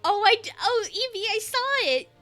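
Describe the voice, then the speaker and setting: A woman's voice: extremely high pitch, big pitch swings, normal speed, loud music behind the voice. A young woman streaming a detective game, chatting playfully with friends and giggling a lot. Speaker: let's play streamer. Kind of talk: casual let's play chat, reading game lines aloud.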